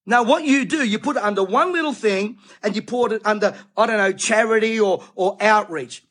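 A man's voice: high-pitched, a bit bright, breathy edge. A middle-aged Australian man, a preacher, ranting indignantly in an impassioned monologue.

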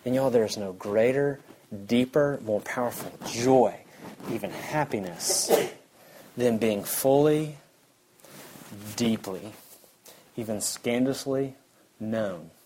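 A man, preaching a sermon in a conversational way that drops to a quiet intensity. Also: mid-range voice, slow, pauses often, slight background noise, low-quality recording. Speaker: pastor.

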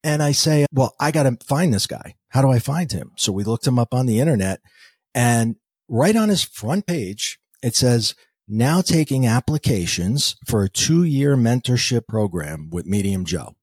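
A man's voice: medium pitch, animated, moderate pace, a little mellow, husky, no echo. A man, a podcast guest telling a story and acting out the dialogue. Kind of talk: storytelling interview talk.

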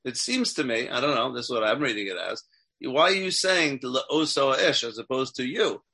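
A man's voice: mid-range voice, animated, normal speed, sharp tone, slightly rough. A man teaching a text class as a rabbi, asking his students questions and checking in with them often. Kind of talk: interactive Torah class.

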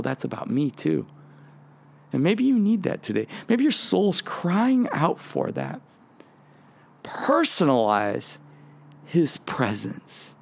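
A man hosting a devotional podcast, teaching in an earnest, conversational way and sometimes acting out prayers. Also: medium pitch. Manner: earnest, conversational, acts out prayers in quoted lines. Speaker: podcast host teaching on the Psalms.

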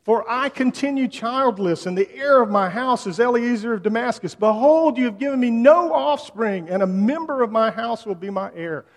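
Preacher doing an old patriarch crying out, high-pitched and loud, long hall echo. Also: male voice, animated, normal speed, hardly any pauses. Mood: exasperated. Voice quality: loud pleading cries. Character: elderly childless patriarch crying out, exasperated.

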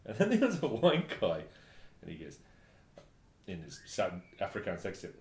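A man from New Zealand telling travel stories in casual chat, animated and laughing often. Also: low voice, moderate pace, long pauses. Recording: echoey room, faint background noise.

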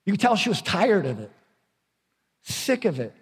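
A man's voice: sits high, very animated, moderate pace, slightly rough, in a large hall. A middle-aged man preaching a sermon as pastor, candid and conversational, often repeating his words.

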